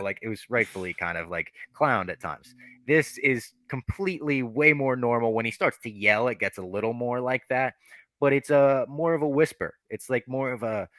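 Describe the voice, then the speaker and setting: Excited swearing man reviewing movies. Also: medium pitch, normal speed, no room sound. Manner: enthusiastic, profane, rambling. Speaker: podcast host. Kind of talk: casual movie review chat.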